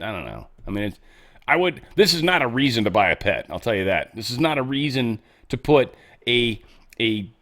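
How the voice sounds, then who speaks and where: A man hosting a casual commentary show, joking and sarcastic, swinging between loud bursts and low mutters. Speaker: show host.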